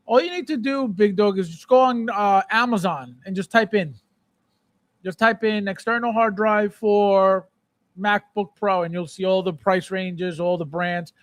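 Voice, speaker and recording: High-voiced animated male livestream host. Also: measured pace, no echo. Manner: animated, repeats phrases, playful shouting bits. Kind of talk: casual live chat reading viewer comments.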